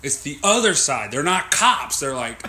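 A man's voice: a little high, sing-song, moderate pace, sharp tone. A man co-hosting a podcast, rambling through casual, profane banter. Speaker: podcast co-host. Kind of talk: casual chat.

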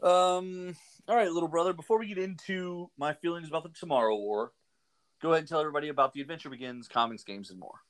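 Chatty radio host. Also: male voice, on the high side, fast talker. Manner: rambling, chatty, lots of fillers. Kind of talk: casual radio talk. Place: radio studio.

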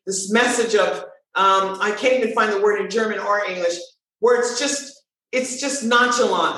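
A woman voice coach talking in a lively conversational way, with expressive, swooping emphasis. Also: a little high, normal speed. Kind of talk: animated conversational talk. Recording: very echoey room.

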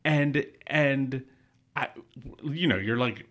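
A man with a bright, forceful voice tells a rambling story in a casual podcast chat. He laughs often and swears freely. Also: a little high, extremely slow, pauses often. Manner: laughing often, profane and animated. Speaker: podcast co-host.

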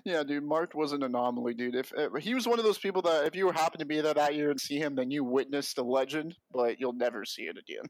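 Young man, casual podcast chat, swears and laughs a lot, slightly high voice, dry close sound. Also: fast, few pauses, no room sound. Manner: profane, laughing, slangy storyteller. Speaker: podcast guest.

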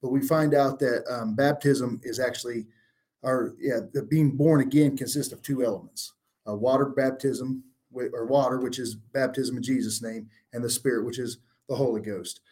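A man's voice: medium pitch, steady tone, normal speed, darkish tone. Man teaching bible verses on a talk show, reads the old wording then breaks it down, earnest. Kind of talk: scripture teaching.

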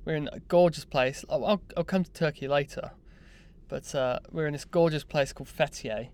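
A young man telling a personal story in a casual, animated, self-mocking way. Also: a little high, a little fast. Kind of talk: casual anecdote monologue.

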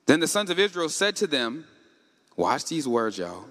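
A man preaching a sermon, asking the congregation questions and rising to shouts. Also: on the high side, very animated, moderate pace. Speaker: pastor. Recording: echoey hall with long reverb.

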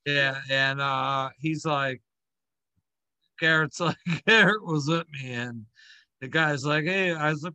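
A man in casual chat, telling a story in halting bursts full of "yeah" and "uh". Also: a little high, bright, forceful tone, no room sound.

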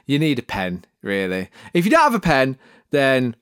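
A man's voice: medium pitch, wildly swooping pitch, normal speed, a bit bright, smooth, no room sound, studio quality. A man giving podcast production tips in a jokey, mock-serious monologue, theatrical and full of sudden vocal swoops. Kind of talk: comic tutorial monologue.

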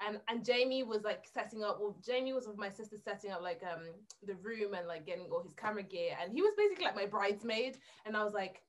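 A woman's voice: medium pitch, fast talker, hardly any pauses. A woman telling a story as a guest in a casual chat, earnest and acting out the dialogue. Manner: earnest, recounts with quoted dialogue.

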